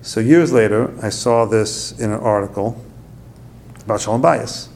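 Gravelly man teaching a Torah class. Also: moderate pace, a little mellow, a little hiss or hum. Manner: storytelling, acts out quotes with sudden high outbursts. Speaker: rabbi giving a class.

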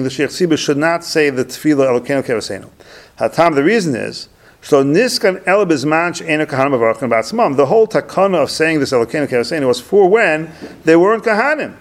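Man explaining religious texts, slightly high voice. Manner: reads Hebrew phrases then translates them into English; explanatory, repeats points for emphasis. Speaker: Torah teacher. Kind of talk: Talmudic-style text study lesson.

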